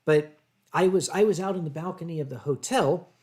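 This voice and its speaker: An older American man hosting a livestream, answering viewer chat in a rambling way with deadpan humor. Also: fairly high pitch, a little fast. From United States. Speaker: livestream host.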